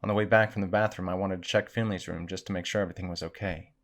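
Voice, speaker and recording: Low-voiced man reading spooky tales. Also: steady tone, racing, fairly bright tone. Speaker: storyteller. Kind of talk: reading horror stories aloud.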